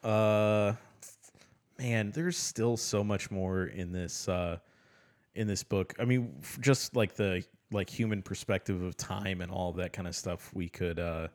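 A man co-hosting a casual book podcast, asking relaxed questions with lots of fillers. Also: low-pitched, measured pace. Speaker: podcast co-host.

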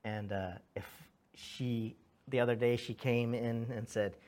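A man's voice: mid-range voice, unhurried. Earnest man preaching a conversational sermon. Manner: earnest, animated storytelling with frequent restarts and "right?" asides. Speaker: pastor.

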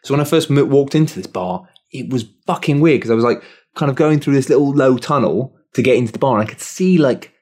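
A man telling a story in a casual chat. He talks in an animated way and swears freely. His voice sits at a middle pitch. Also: quick pace.

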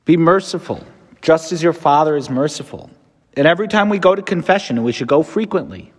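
A man, a priest, giving a spoken meditation on scripture. He is earnest and builds to emphatic peaks, then drops into casual asides. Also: a little high. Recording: long reverb in a large room.

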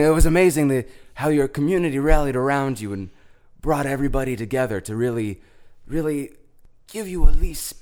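A man's voice: medium pitch, darkish tone, natural voice. A man playing an awkward radio talk-show host who fumbles and stammers through an improv comedy interview.

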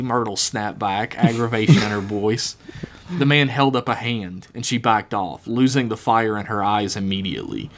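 Man reading a horror tale aloud, dramatic, very lively pitch, chuckles at his jokes. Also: moderate pace. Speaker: podcast co-host.

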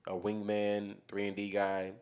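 A man's voice: on the low side, monotone, unhurried, darkish tone. A man co-hosting a podcast, talking sports casually and thinking aloud as he goes. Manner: loose, rambling, thinks aloud with restarts. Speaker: podcast co-host.

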